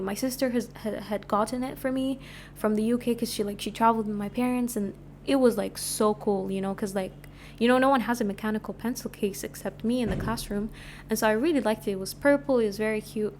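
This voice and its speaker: A woman in her twenties from Sudan hosts her own podcast. She tells her stories in a loose, chatty way, full of "like" and quick asides. Her voice sits a bit high, and a soft hum runs underneath. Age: 20s. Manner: chatty, animated, lots of filler "like". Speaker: podcast host. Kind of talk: casual storytelling.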